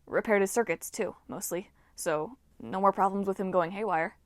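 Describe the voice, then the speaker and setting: Woman reading as a brash, excited teenage boy. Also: medium pitch, moderate pace, dry recording, lightly acted. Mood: evasive. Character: cheerful reckless teenage boy mechanic.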